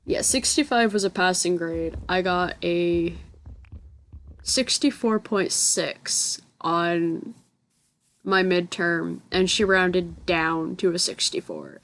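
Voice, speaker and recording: Young woman, from the US, slightly low voice, casual voice-over, rambling, self-correcting. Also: steady tone, slow, fairly bright tone, slight background noise. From United States. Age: young adult. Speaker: gaming channel host. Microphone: voice-over recorded separately from the game footage.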